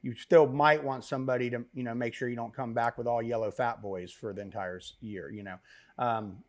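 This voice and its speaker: A middle-aged man, a business founder, telling stories as a podcast guest in a rambling, animated way with many fillers and asides. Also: medium pitch, fairly quick. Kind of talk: casual interview storytelling.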